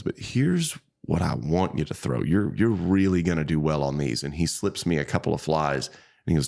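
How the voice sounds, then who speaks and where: Guesting on a podcast, a man who owns a fly shop tells easygoing, rambling stories with frequent restarts, his pitch jumping as he quotes others. His intonation is lively and his pace moderate, with vocal fry and a darkish tone.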